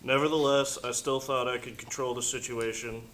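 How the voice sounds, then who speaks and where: Man reading aloud, steady and plain. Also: medium pitch, moderate pace, slight background noise, low-quality recording. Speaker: class reader.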